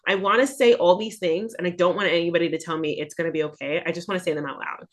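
Young woman, interview guest, lowish voice, candid and lively, acts out her thoughts. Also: quick pace. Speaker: guest, actress and singer. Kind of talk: casual interview chat.

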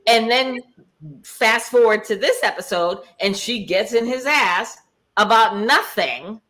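A woman co-hosting a casual recap chat over a video call, blunt and animated, acting out what others said. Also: fairly high pitch, a little slow. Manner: blunt, animated, acts out quotes. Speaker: podcast co-host.

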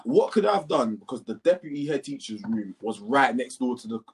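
A young man with telling a school story in casual chat, animated and laughing as he acts out both sides. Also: mid-range voice, brisk, far from the mic.

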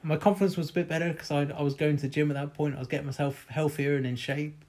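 A man's voice: on the high side, fairly even intonation, quick pace, a little mellow. A man casually telling a personal story, candid and rambling, with plenty of ums and the odd swear.

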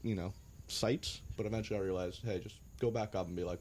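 A man's voice: low voice, fairly even intonation, quick pace, few pauses, darkish tone, slight background noise. A young American man telling travel stories in a laid-back, joking way, with some swearing. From United States. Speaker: guest. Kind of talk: casual storytelling.

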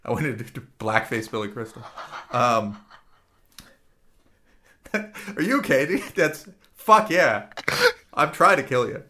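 A man's voice: medium pitch, lively intonation, slow pace, long pauses, sharp tone, slight background noise. A man co-hosting a crude casual podcast, telling a story with many fillers, mocking himself and laughing through it. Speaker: podcast co-host. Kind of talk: crude casual comedy chat.

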